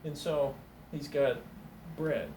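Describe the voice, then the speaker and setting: A man's voice: fairly high pitch, fairly even intonation, slow, echoey room, distant mic, noisy background. A man doing stand-up comedy and telling a meandering story, full of fillers and restarts, putting on small voices for the people in it. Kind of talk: rambling comic storytelling.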